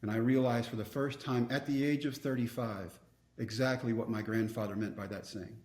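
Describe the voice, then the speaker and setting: A man's voice: medium pitch, fairly even intonation, moderate pace, darkish tone, echoey room. A man, telling personal stories earnestly as a podcast guest. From Texas. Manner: earnest, reflective storyteller. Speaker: guest speaker. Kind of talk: storytelling interview.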